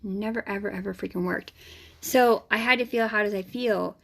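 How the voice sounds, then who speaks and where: A woman's voice: medium pitch, fairly even intonation, moderate pace, creaky. A woman energy healer hosting her own vlog, talking casually, frankly and emphatically, sometimes swearing. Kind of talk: casual spiritual vlog talk.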